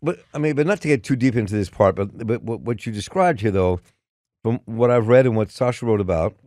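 A man hosting an interview, asking questions in a halting way with frequent restarts. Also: on the low side, darkish tone, dry recording, clean studio sound. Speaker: interview host. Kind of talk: conversational interview.

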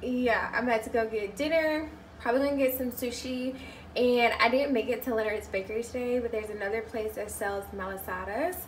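A woman with a fairly high voice chats casually to her camera on a solo trip. She is candid and talkative, tasting pastries and giving her thoughts between bites. Faint background noise sits under her voice. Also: fairly bright tone. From not from Hawaii. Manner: chatty and candid, tasting food between remarks. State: irritated and tired. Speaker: travel vlogger. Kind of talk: casual vlog talk to camera. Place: indoors, hotel room and on the go.

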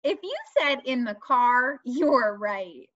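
Woman, children's lesson, very lively pitch, slow emphatic questions, lo-fi dry sound. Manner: slow, sing-song questioning with emphatic repeated words. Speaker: children's speech and language teacher. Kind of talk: teaching young children a lesson. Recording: dull lo-fi dry recording.

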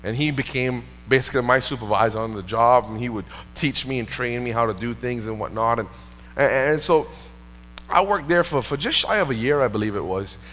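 A slight background noise accompanies this mid-range, fairly bright male voice, which moves fairly quickly. He is a pastor delivering a sermon in the church sanctuary, telling a personal story earnestly and conversationally, with long church-hall reverb.

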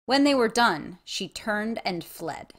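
A female narrator of a fan audiobook reading. She reads slowly with a lively, varied pitch.

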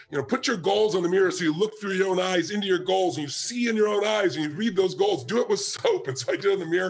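A man in his sixties giving a motivational talk, telling stories emphatically and acting out quotes. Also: high voice. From United States. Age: 60s. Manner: storytelling, emphatic, acts out quotes. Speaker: motivational speaker.

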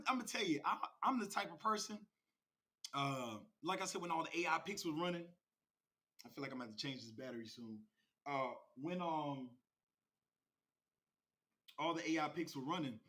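Male crypto stream host, bright and forceful tone, slangy and rambling, reads chat aloud. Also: a little high. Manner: loose, rambling, slangy, with many fillers and restarts. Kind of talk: casual livestream chat, reading viewer comments.

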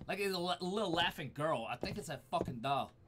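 A man's voice: fairly high pitch, expressive, fairly quick, a bit bright. A man streaming a horror game live, swearing a lot, jumpy and teary from fright, yelping and laughing at each scare. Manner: profane, jumpy, shrieks and laughs when scared. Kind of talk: live gameplay commentary.

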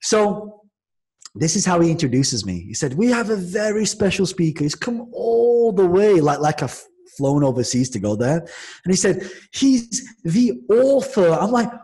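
A man from Manchester, a podcast guest, telling a lively story in casual conversation, with frequent restarts and acted-out quotes. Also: fairly high pitch, normal speed. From Manchester, England.

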